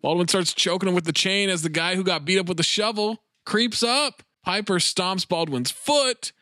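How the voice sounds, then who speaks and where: A man's voice: high voice, normal speed, bright, forceful tone, no room sound, studio quality. A man co-hosting a podcast, casually narrating a film's plot and laughing often. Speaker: podcast co-host. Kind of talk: casual film recap chat.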